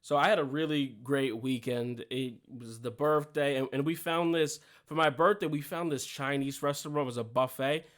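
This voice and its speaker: Smooth-voiced man chatting casually. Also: mid-range voice, normal speed, few pauses, fairly bright tone. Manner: chatty, storytelling with laughs and fillers. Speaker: show host. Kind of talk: casual solo talk.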